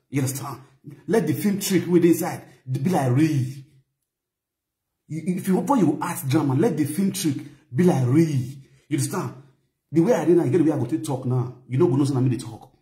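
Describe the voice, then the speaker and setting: Nigerian Pidgin commentator with a Benin accent, somewhat high and mellow, preachy, in an echoey room. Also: male voice, lively intonation, fairly quick. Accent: Nigerian Pidgin, Benin (Edo). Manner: preachy, repetitive, keeps asking "you understand?". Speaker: commentator vlogger. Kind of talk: lecturing commentary.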